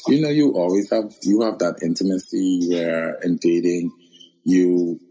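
Low husky man telling his story. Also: poor audio. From the Bahamas. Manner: expressive, laughs often, acts out quoted voices. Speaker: guest. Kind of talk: casual interview, storytelling.

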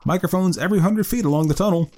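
A man's voice: high-pitched, racing, dark tone, voice pushed up. A man voicing a grim middle-aged man who hunts ghouls beneath the city, fervent and gloating. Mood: eager. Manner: fervent, rising to frenzied gloating. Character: grim middle-aged male underground ghoul-hunter chief. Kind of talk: dramatic story reading.

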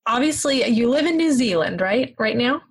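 Upbeat higher-voiced woman host. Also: animated, moderate pace, husky, poor audio. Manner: friendly, upbeat, conversational. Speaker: podcast host. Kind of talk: casual interview chat.

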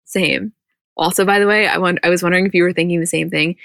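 A woman's voice: fairly low pitch, steady tone, fast, creaky, fairly bright tone, no room sound. A young woman co-hosting a podcast, chatting casually and rambling with lots of filler words. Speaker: podcast co-host. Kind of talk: casual chat recapping a reality show.

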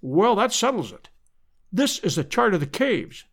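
A man voicing a brisk, hearty aristocratic adventurer in a storybook reading. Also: sits high, big pitch swings, full character voice. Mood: eager.

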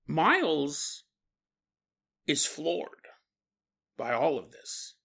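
A man's voice: a little high, a little slow, bright, forceful tone. A man hosting a podcast, telling a story in a casual, conversational way with lots of fillers. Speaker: podcast host.

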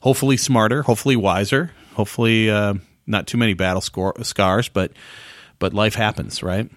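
A man with a fairly low voice hosts a casual solo podcast. He talks to his listeners conversationally and leans on rhetorical questions. The sound is dry and close. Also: fairly even intonation, brisk, no room sound. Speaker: podcast host.

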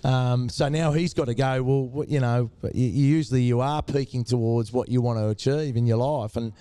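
Middle-aged Australian man, easygoing storyteller, mellow and resonant, close and dry. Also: mid-range voice, moderate pace, clear, resonant tone, no room sound. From Tasmania, Australia. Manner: laid-back, says mate a lot. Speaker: guest, former cricketer. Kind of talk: casual interview storytelling.

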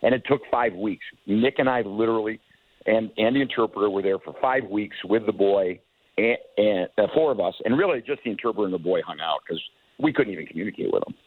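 A man's voice: lowish voice, fast talker, husky. An older man, a hockey executive, telling long rambling anecdotes as an interview guest, with many restarts and chuckles. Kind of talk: casual storytelling. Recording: tinny phone line, dry.

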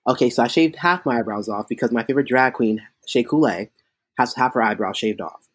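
A man who performs as a drag queen, telling chatty, animated stories in a casual interview, with lots of fillers. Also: mid-range voice, fairly quick, breathy edge, dry recording.

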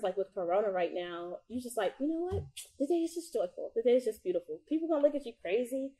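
A young woman speaking to her viewers in a casual devotional talk, her voice sitting at an ordinary middle pitch. She talks in an animated, conversational way, leaning on "like" and "um" and repeating key words again and again for emphasis. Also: poor audio. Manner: heavy use of "like" and "um". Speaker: Christian speaker.

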